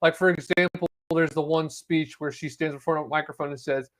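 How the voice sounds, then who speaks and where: A man's voice: a little high, fairly even intonation, brisk, hardly any pauses. A man hosting a podcast alone, giving casual political commentary with sarcastic asides and reading news articles aloud. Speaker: podcast host.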